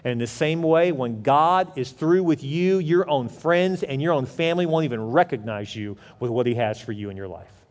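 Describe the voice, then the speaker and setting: A man preaching a sermon in an animated way, asking rhetorical questions and acting out quoted voices. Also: medium pitch, moderate pace, big-room sound. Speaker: pastor.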